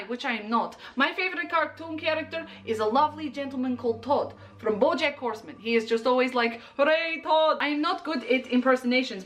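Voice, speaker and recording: A young woman talks through a makeup tutorial in a casual, playful way. Her voice sits high and she fills the chat with jokey asides. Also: a bit bright. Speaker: makeup vlogger.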